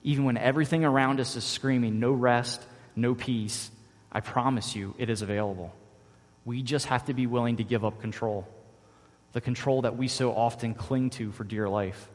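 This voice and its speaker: A man's voice: medium pitch, steady tone, fairly quick. A man, a father, preaching a sermon as pastor, earnest and repeating key phrases for emphasis. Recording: long reverb of a large hall.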